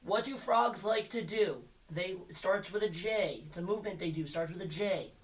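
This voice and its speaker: Speaking at a moderate pace in a high voice, a male teacher records a lesson for children. He stays patient and supportive while offering letter hints as quiz clues, and he seems a little removed from the mic.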